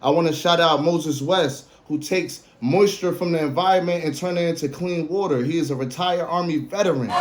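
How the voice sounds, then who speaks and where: A man in his late twenties hosting a casual solo podcast, slangy and animated, swinging between a hyped voice and a low drawl. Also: normal speed, hardly any pauses, a loud crowd, heavy background noise. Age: 20s. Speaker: podcast host.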